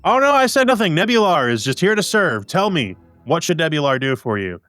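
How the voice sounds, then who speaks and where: A man's voice: a little high, big pitch swings, brisk, a bit bright, dry recording, soft background music, voice pushed up. A man voicing a showy, boastful male time-seer who speaks of himself in the third person. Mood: grandiose.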